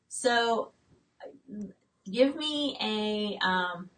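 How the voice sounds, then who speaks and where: A homestead channel host in her late forties chats on a casual live stream, reading viewer comments aloud with lots of fillers and restarts. She speaks very slowly but animatedly, in a medium-pitched, fairly bright voice, picked up by a distant mic in low-quality audio.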